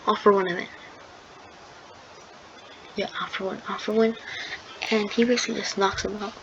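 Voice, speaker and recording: A woman with a bit of brightness in her medium-pitched voice hosts her channel by improvising a fan story at normal speed, her intonation fairly even. She rambles hesitantly, using many fillers and restarting often. The sound is dull and lo-fi, and background noise comes through clearly.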